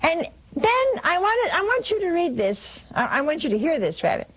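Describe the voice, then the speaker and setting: A woman retelling a saint's dream vision in slow, expressive storytelling, sinking soft and low for the hushed parts. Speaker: religious storyteller.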